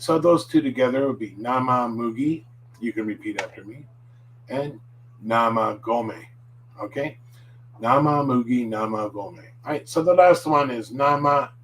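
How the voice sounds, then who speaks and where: Easygoing man drilling words slowly. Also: mid-range voice, slight background noise, rough recording. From United States. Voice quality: relaxed, chatty with fillers and self-corrections. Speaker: language teacher. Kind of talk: casual spoken lesson.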